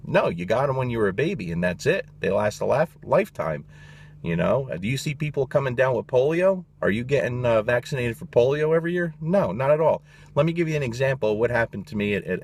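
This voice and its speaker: A man's voice: mid-range voice, slight background noise. A man, a dog trainer, giving his opinions in a blunt, emphatic casual monologue, swearing freely.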